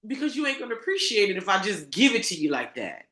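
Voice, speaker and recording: A woman's voice: mid-range voice, sing-song, fast talker, a bit bright. A woman coach giving a casual motivational monologue, emphatic and preachy, swearing and calling her viewers girl. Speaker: spiritual coach. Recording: echoey room.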